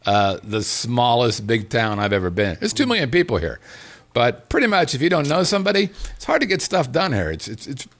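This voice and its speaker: A man co-hosting a casual podcast, joking and laughing often as he riffs with his partner. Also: mid-range voice. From Las Vegas resident. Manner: joking, animated, quick laughter. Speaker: podcast co-host.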